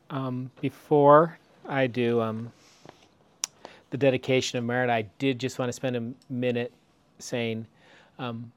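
A man in a meditation group who speaks hesitantly, with frequent ums and restarts, before slowly reading a poem aloud. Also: mid-range voice, steady tone, clean tone.

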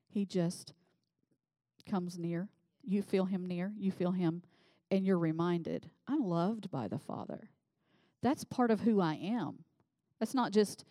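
A woman preaching a sermon in a conversational way, reading scripture and becoming animated as she voices the people in it. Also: on the low side, dry recording. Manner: conversational, animated when voicing scripture figures.

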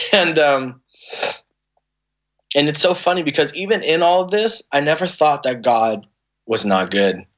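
A man's voice: fairly high pitch, animated, measured pace, pauses often, fairly bright tone. A man in his thirties, a podcast guest, telling an emotional personal story in a candid, conversational way, earnest and full of restarts and fillers.

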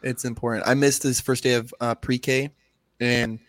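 A man's voice: medium pitch, little pitch movement, moderate pace, no room sound. A man in his thirties co-hosting a casual podcast, talking in a mid-range voice. He swears freely and tells heartfelt stories about family. The recording is dry and close. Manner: profane, emotional storytelling. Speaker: podcast co-host.

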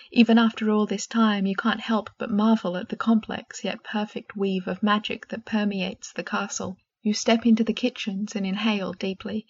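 A woman with a husky voice narrating a second-person fan-fiction story in a soft, gentle way. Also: medium pitch, muffled recording.

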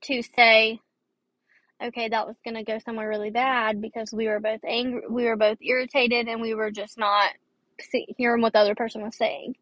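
A woman's voice: a little high, little pitch movement, moderate pace, a bit bright, dry recording, muffled recording. A young woman hosting a casual advice podcast, rambling and tired with a dry throat. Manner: chatty, rambling, with fillers and restarts. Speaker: podcast host.

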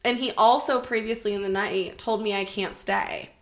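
Chatting casually as a guest on a podcast, a woman tells a frank story from her own life at a medium pitch and moderate pace. Her delivery is lively, peppered with "like" and profanity.

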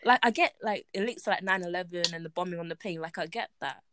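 A young woman co-hosting a film review chat, animated and frank, laughing often. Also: lowish voice, quick pace, slight background noise. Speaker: podcast co-host reviewing films. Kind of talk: casual chat.

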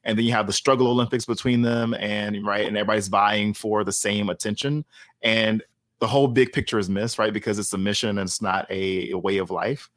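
Low, dry-voiced man speaking analytically. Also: steady tone, a bit bright, no echo. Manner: measured and analytical, often ends with a "right?" tag. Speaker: discussion guest. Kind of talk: conversational discussion.

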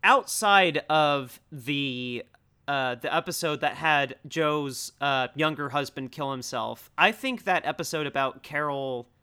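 A young man in excitable, casual podcast chat who often says "dude.". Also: on the high side, unhurried, clean tone.

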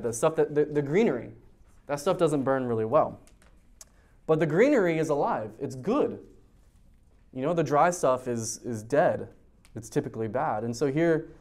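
A man's voice: mid-range voice, a little mellow. A man, a youth pastor, teaching a verse-by-verse sermon in a conversational way and putting questions to his listeners at a church youth service. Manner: conversational, asks the audience questions.

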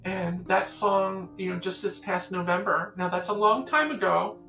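This clip has a mid-range female voice at an ordinary pace, recorded in a roomy space over quiet background music, and the quality is poor. She is a songwriter from the Catskills, New York, appearing as a guest in a casual interview. She's an animated storyteller who performs the voices of the people she quotes.

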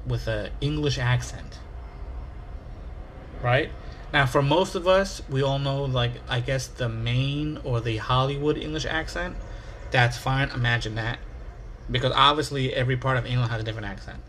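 A man's voice: mid-range voice, fairly bright tone. A man from the United States hosting his own podcast, rambling casually, swearing and making fun of himself. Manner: rambling, profane, self-mocking. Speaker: podcast host.

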